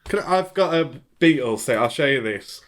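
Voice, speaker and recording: Joking interview host. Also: male voice, medium pitch, animated, moderate pace, a bit bright, a little hiss or hum. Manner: joking, informal. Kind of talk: casual interview chat.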